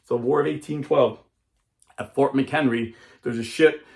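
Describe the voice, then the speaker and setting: A man's voice: medium pitch, fairly even intonation, unhurried, gravelly, darkish tone. A man giving a dramatic storytelling speech, emphatic and acting out characters as he goes. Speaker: speaker.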